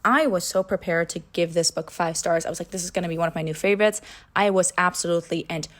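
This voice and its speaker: Book vlogger, woman, casual and theatrical, with sudden high jumps for emphasis. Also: fast. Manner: chatty and dramatic, with sudden jumps in pitch. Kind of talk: casual book review chat.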